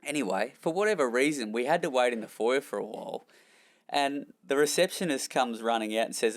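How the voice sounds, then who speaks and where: A man's voice: mid-range voice, lively intonation, quick pace. A young Australian man, a former jockey, telling rambling, self-deprecating stories in an interview. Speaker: former jockey and trainer, guest. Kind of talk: candid storytelling in a podcast interview.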